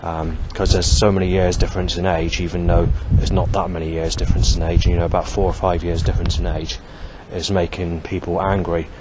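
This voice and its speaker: A man, talking in a halting, rambling monologue full of fillers and restarts as he reads from his notes. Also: sits low, level tone. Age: 40s. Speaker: vlogger. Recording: loud outdoor traffic noise.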